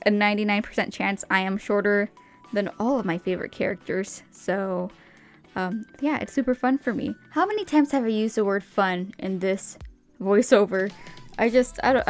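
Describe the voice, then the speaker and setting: A young woman doing a chatty, rambling voiceover with many fillers and little laughs. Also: on the high side. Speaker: art youtuber. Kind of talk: casual voiceover narration. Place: home, voice-over over a speed paint. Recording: voice-over with faint background music.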